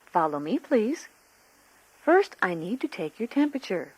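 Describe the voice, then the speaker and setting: A woman playing a calm, polite school nurse in a textbook listening dialogue, giving instructions. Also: medium pitch, normal speed, husky, no echo, poor audio.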